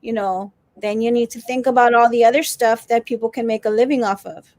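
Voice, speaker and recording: A woman's voice: fairly high pitch, fairly even intonation, fairly quick, a little mellow, no room sound. A woman co-hosting a casual teachers' talk stream, chatty, often reading out viewer comments. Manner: chatty, reads comments aloud. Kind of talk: casual chat.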